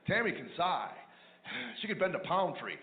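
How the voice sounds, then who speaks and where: A man's voice: high voice, big pitch swings, moderate pace, echoey room. A man doing a stand-up routine, telling wry, sarcastic stories about married life. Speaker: stand-up comedian. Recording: tinny phone-like line with noise.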